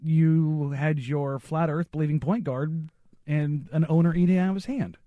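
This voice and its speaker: A man co-hosting a casual chat, opinionated and full of quick asides. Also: fairly high pitch, no room sound, narrow, tinny audio. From Texas. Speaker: podcast co-host.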